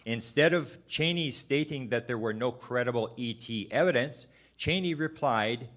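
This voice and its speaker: A man's voice: mid-range voice, fairly bright tone. Man reading formal hearing testimony. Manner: measured, formal delivery with occasional restarts.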